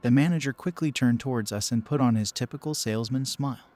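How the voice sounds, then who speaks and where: A man narrating a first-person horror story in a steady, measured storytelling voice. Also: medium pitch.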